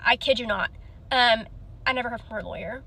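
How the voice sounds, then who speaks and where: A woman with a fairly high, bright, sharp-edged voice tells a storytime. She rambles, leaning on "like" and "you know" as she goes. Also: brisk, gravelly, slightly rough. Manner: rambling, heavy use of "like". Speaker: hairstylist. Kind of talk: casual storytime.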